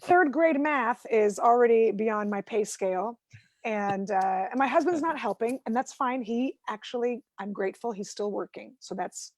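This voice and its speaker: A woman's voice: on the high side, normal speed, dry recording. A woman comedian doing a chatty, self-deprecating stand-up set from home over a video call.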